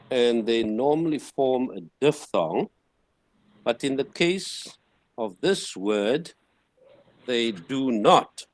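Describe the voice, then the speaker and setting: A man giving a classroom lecture, explaining slowly and patiently with frequent restarts. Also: medium pitch, no echo. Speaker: teacher.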